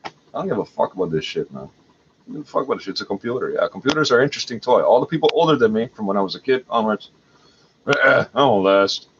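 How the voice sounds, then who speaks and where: A man's voice: on the low side, animated, fast talker. Agitated man ranting on a livestream. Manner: agitated, profane, rambling. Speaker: livestream host. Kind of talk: rambling livestream monologue. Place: at home. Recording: dull lo-fi audio with faint noise.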